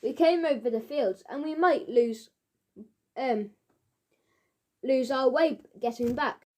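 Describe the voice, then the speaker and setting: A woman's voice: high voice, takes it slowly, mellow. A woman voicing a clever, cheeky boy detective who talks with innocent politeness in a storybook reading. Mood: polite. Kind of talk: children's audiobook character voice.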